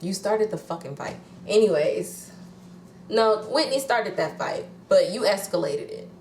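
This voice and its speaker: A woman's voice: medium pitch, expressive, unhurried, a little mellow, echoey room, slight background noise. A woman recapping reality TV casually, sassy and blunt, swearing freely. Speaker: reality TV reviewer.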